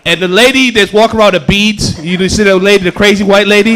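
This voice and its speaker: Male stand-up comic from Houston, animated storyteller who acts out his characters, faint noise behind. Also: high-pitched, quick pace, hardly any pauses. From Houston, Texas. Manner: animated storytelling with acted-out voices. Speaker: stand-up comedian. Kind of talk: stand-up comedy set. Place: comedy club stage with a live audience.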